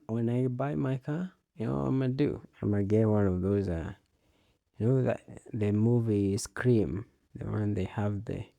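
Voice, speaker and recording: A man's voice: fairly low pitch, vocal fry, warm tone, no room sound, studio quality. A man hosting a casual solo talk show, rambling in a laid-back way, swearing often and laughing at his own jokes. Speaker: podcast host.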